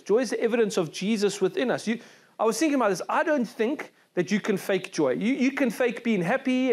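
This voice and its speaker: A South African man preaches from a church stage, his voice sitting notably high for a man. He talks earnestly and conversationally, often restarting and repeating words as he goes. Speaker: pastor. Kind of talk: sermon. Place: church service.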